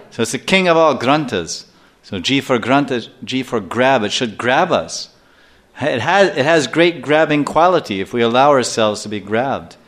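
An older man giving a scripture class lecture as a spiritual teacher, telling stories in a lively way and acting out little scenes. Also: mid-range voice. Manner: animated storyteller who acts out scenes and chuckles often.

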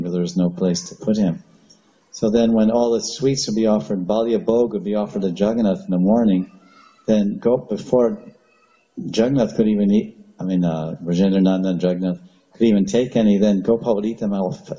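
A man's voice: lowish voice, mellow, highs cut off. A man teaching a devotional talk, telling stories with chatty asides and small laughs. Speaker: spiritual teacher.

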